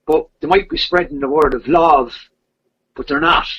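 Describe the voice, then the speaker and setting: A man's voice: fairly high pitch, normal speed. A man casually retelling an old legend, repeating himself and restarting as he goes. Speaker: storyteller. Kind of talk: casual storytelling. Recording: dull lo-fi recording.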